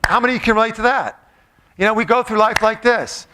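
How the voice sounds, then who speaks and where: A man's voice: high voice, quick pace, noisy background. A man giving a playful, jokey motivational talk, quizzing a live audience in a large room. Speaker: motivational speaker.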